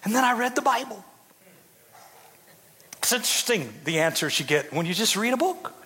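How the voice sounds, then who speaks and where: A man's voice: high-pitched, sing-song, moderate pace, bright, forceful tone, slightly rough, big-room sound. A man, a bishop, preaching a sermon in a folksy, dramatic storytelling way with joking asides to his congregation.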